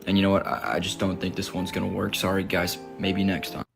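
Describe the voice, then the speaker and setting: A man's voice: deep voice, completely flat delivery, brisk, gravelly. A man giving casual video commentary in a dry, sarcastic, resigned way. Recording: clip with music behind.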